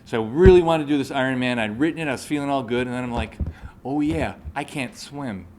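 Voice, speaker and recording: Man, forties, motivational speaker, chatty, keeps asking the crowd, mid-pitched voice, faint hiss. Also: rapid-fire, a little mellow. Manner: conversational, checks in with the audience. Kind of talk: live motivational talk. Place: room with a live audience.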